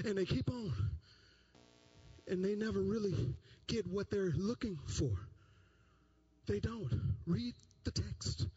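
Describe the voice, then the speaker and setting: A man preaching a sermon, telling the story with lots of repetition and bursts of loud emphasis. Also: sits high, slow, long pauses, slightly rough. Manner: animated storytelling, repeating phrases, rising to shouts. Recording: dull lo-fi sound.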